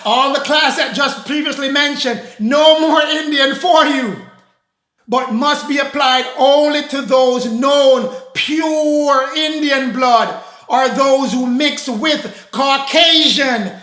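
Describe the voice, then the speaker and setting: High, slow, emphatic preacher in an echoey room. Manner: emphatic, repetitive, declaiming with raised shouts. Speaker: religious teacher. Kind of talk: preaching lecture. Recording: roomy echo.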